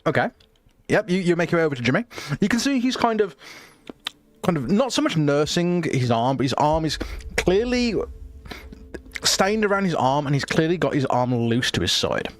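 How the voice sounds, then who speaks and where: A man narrating a tabletop game as game master, relaxed and hesitant. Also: on the high side, normal speed, long pauses.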